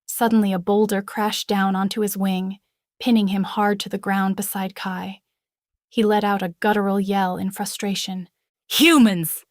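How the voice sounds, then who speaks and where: A woman reading a first-person fantasy novel aloud in a dramatic, expressive way. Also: medium pitch, normal speed, no room sound, clean studio sound. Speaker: audiobook narrator.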